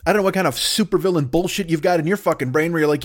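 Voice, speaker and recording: A man hosting his own comedy podcast, rattling off a profane, rambling rant at a rapid clip. His voice sits somewhat high for a man. He sounds exasperated as he swears his way through each tangent. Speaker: podcast host.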